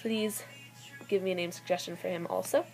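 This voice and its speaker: A woman's voice: lowish voice, fairly even intonation, fairly quick, soft background music, rough recording. A teenage girl giving a chatty, giggly show-and-tell tour of her toy collection, now and then losing her train of thought. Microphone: handheld camera.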